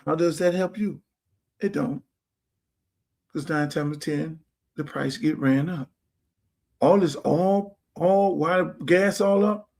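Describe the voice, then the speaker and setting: A show host rants casually to viewers of his own livestream, blunt, profane and slangy. His voice is a little high, gravelly and darkish, moving slowly with long pauses. He's using a streaming setup mic.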